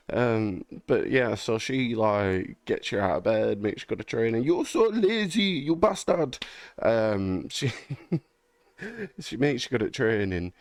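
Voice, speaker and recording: A man's voice: on the low side, dry recording. A young man in a casual, rambling gaming chat, swearing freely and laughing often. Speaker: gaming vlogger.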